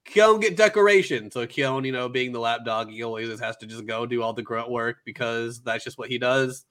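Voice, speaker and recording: A man co-hosting a casual podcast. He tells stories animatedly, often slipping into quick character voices. His voice sits at an ordinary middle pitch. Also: level tone, fairly bright tone, clear, resonant tone. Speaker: podcast co-host. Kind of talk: casual chat, retelling a film with acted quotes.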